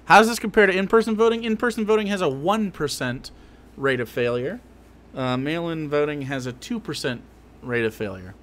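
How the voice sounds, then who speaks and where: A man's voice: a little high, animated, a little fast, fairly bright tone. A man hosting a livestream, reacting to a video with crude, sarcastic rants. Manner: crude and sarcastic, mock-ranting. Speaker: livestream host. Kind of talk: casual livestream rant.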